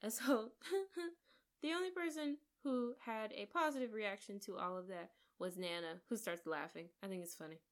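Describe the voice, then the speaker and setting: A woman co-hosting a podcast, eagerly retelling a film plot in casual chat with quick asides. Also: medium pitch. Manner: enthusiastic, gushing storyteller with quick asides. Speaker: podcast co-host. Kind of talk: casual movie recap.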